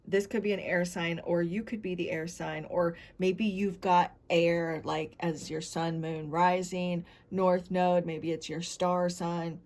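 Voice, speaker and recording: A woman's voice: on the low side, a little mellow. A woman giving a tarot reading to camera, meandering as she talks straight to her viewers. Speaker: tarot reader.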